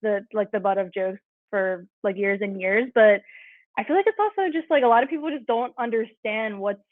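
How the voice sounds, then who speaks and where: A woman's voice: medium pitch, moderate pace, no room sound. A woman guest in casual podcast conversation, talking in a chatty way with many fillers. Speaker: guest, cycle syncing coach. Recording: tinny phone-like line, dry.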